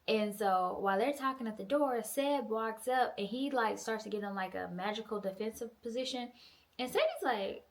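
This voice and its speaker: A young woman recapping a novel in a casual, profane, animated way, acting out the characters' lines. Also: on the high side, a little fast. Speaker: book reviewer. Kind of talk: casual book review recap.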